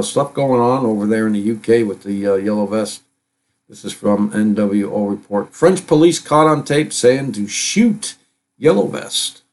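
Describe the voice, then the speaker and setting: A middle-aged man talking at a medium pitch, hosting a live stream. He reads headlines aloud and drifts into loose commentary, stopping and restarting his sentences with plenty of fillers. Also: a little mellow. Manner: rambling, halting, many fillers and restarts. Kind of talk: casual commentary reading news.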